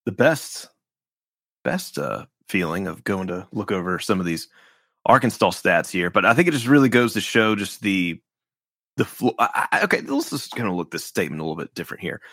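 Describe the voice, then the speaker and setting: Low-voiced man on a sports podcast. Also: big pitch swings, brisk, fairly bright tone, dry recording, clean studio sound. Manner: rambling, restarts phrases, wry about stats. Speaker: podcast host. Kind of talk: casual sports podcast chat.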